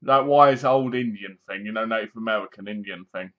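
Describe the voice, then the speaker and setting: A man's voice: lowish voice, brisk. A man with an English accent giving a casual, rambling movie review that sounds sarcastic. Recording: dull lo-fi recording.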